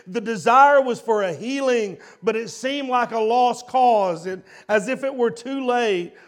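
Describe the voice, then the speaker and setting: Passionate man preaching, high-voiced. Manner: emotional, swings from loud to hushed. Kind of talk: sermon.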